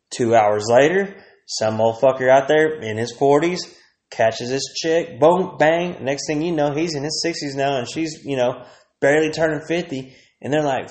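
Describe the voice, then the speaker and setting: A man's voice: fairly high pitch, expressive, measured pace, a little mellow, roomy sound. A man, ranting crudely and rambling as a podcast host, laughing often. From Texas. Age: 30s. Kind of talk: profane comedic rant.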